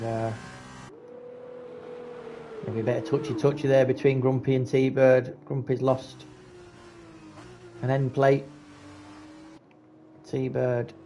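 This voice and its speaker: Male race caller, mid-pitch, laid-back and chatty, lifts for close finishes; faint hiss underneath. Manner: casual, chatty, rising excitement at close battles. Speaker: race commentator. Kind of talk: live sim racing commentary.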